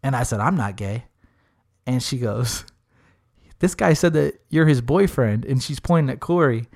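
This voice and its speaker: A man's voice: medium pitch, lively intonation, moderate pace, creaky, a little mellow. A young man telling a funny story in casual chat, swearing freely and acting out the voices of the people he quotes.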